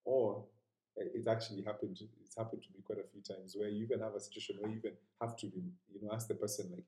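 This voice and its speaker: Preacher, male, earnest and conversational, low mellow voice, echoey room. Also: little pitch movement, fast. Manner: earnest, conversational, dropping to a hushed whisper at times. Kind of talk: sermon.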